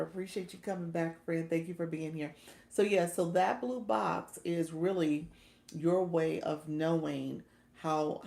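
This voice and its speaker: Woman livestream coach, low gravelly voice, chatty and laugh-prone, echoey room. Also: darkish tone. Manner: chatty, laughs often, thanks viewers by name. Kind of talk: casual livestream talk, reading chat.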